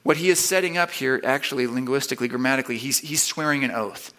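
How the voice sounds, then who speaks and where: A man preaching a sermon, emphatic, building to loud repeated stresses and then dropping low and quiet. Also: fast talker.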